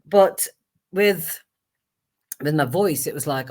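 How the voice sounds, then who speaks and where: A middle-aged woman, speaking as a guest actress and singer in a candid conversation. Her delivery is animated and emphatic, and she acts out remembered exchanges as she goes. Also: low-pitched, takes it slowly, pauses often.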